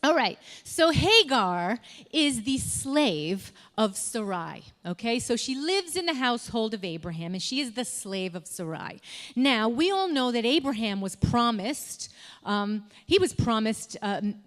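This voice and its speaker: A tired mom telling a Bible story to children in a church hall, chatty and checking in with "okay?" all the time. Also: female voice, a little high, sing-song, measured pace, a bit bright. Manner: chatty, keeps checking in with 'okay?'. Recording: echoey hall with long reverb.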